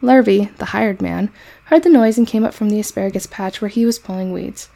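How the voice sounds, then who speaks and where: A woman reading a children's novel aloud in an expressive storybook manner. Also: medium pitch, fairly quick, creaky.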